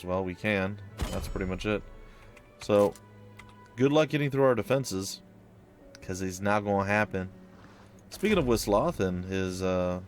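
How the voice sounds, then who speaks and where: Wry young man narrating gameplay. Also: lowish voice. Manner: wry, sarcastic, puts on silly voices for enemies. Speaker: let's play host. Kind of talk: casual gameplay commentary.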